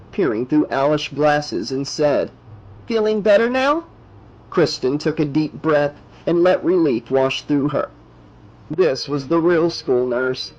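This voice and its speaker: A man narrates an audiobook in a measured, steady reading voice. His voice sits fairly high for a man. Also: rough recording.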